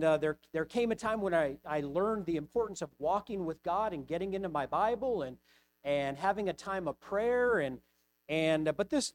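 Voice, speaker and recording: A middle-aged man preaching a personal sermon, hesitant with repeated words, rising to impassioned pleading. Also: on the high side. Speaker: pastor.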